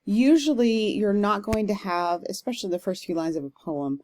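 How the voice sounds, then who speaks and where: A woman teaching a literature class in a recorded lecture, talking casually and reading verse aloud with a slow stressed rhythm. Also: medium pitch, a little mellow. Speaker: literature instructor. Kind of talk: recorded lecture on poetic meter.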